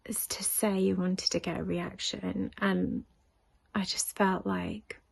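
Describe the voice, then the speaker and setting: Husky British woman, half-whispering. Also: fairly low pitch, steady tone, dry recording. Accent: British English. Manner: emotional, halting, often near a whisper. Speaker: vlogger. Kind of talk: personal storytelling vlog.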